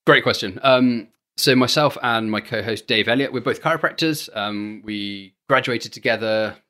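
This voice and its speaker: Southern English male guest, mid pitch, bright edge, easygoing interview tone. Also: moderate pace. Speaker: chiropractor and podcast co-host guest. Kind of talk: casual interview talk.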